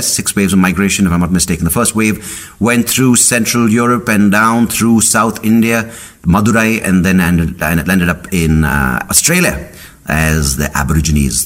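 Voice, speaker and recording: Deep-voiced punning podcast man. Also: fairly bright tone. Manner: rambling, punning, jumps into silly voices. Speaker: podcast host. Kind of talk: comedic monologue.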